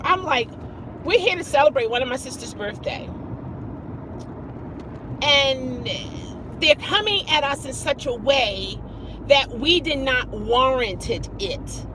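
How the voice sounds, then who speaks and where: A woman chatting casually as a vlogger, telling a story in an animated way and acting out quoted lines. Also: sits high, measured pace, long pauses, background noise.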